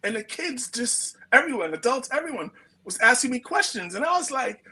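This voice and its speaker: Animated New York man telling stories. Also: very high-pitched, a little fast, husky, rough recording. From United States. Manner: slangy and animated, acts out quotes. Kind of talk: casual storytelling.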